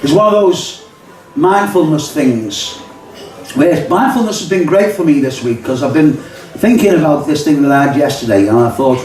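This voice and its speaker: Older Liverpool poet in an echoey pub. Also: male voice, on the high side, normal speed, a little mellow. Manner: rhythmic, rhyming recitation with chatty asides. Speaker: poet and songwriter. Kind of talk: live poetry reading. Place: pub function room, live audience. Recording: echoey pub, mic far off.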